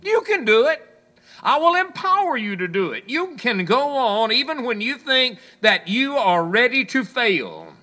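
A man preaching a sermon, quoting scripture and acting out people's complaints, swinging between loud proclamations and hushed asides. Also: extremely high pitch, very animated, measured pace, hardly any pauses. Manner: preaching, quotes scripture, voices the complaints of listeners.

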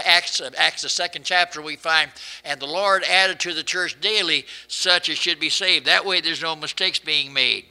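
A man preaching, his voice very bright and somewhat high for a man. He talks earnestly and conversationally, often stumbling over and repeating words before pressing on. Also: low-quality recording. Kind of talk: sermon.

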